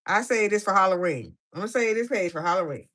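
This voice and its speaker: Casting note: an easygoing woman vlogger, chatty and playful, with a middle-pitched voice. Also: expressive, fast, fairly bright tone. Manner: playful, chatty, laughing commentary. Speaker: coloring vlogger. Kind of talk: casual chat while coloring.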